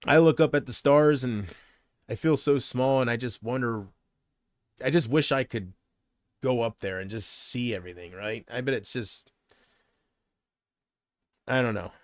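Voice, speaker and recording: A man's voice: medium pitch, unhurried, pauses often, no room sound, studio quality. A man on a casual livestream, rambling and unsure, drifting between thoughts while he answers viewer comments. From United States.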